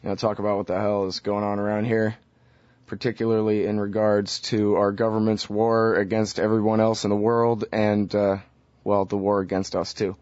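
Lowish, rambling male radio host. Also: level tone, moderate pace, darkish tone, no room sound, muffled recording. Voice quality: loose and rambling, with frequent "uh" fillers. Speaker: radio talk show host. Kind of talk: casual radio talk, solo monologue. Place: radio studio. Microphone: studio microphone.

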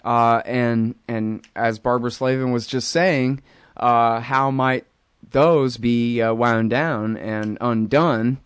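Sarcastic radio host, dry sound. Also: male voice, mid-range voice, steady tone, slow, smooth, no room sound. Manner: blunt, sarcastic ranting with many fillers. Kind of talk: opinionated radio talk and interview.

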